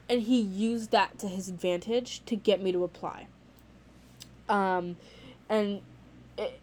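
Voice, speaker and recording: A young adult woman speaking straight to her viewers in a loose, unscripted vlog. She is frank and outspoken, drops swear words easily, and leans on "like" as she talks. Her voice sits at an ordinary middle pitch. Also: a little hiss or hum. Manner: candid, blunt, swears freely, lots of "like". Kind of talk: casual vlog talk.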